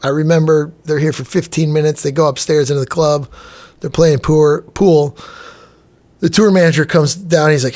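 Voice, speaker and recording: Brief: middle-aged chef, chatty storyteller, voice sits a touch high, casual delivery. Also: male voice, moderate pace. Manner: animated, acts out quoted dialogue, casual. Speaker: chef and restaurant owner, podcast guest. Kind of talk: storytelling in a podcast interview.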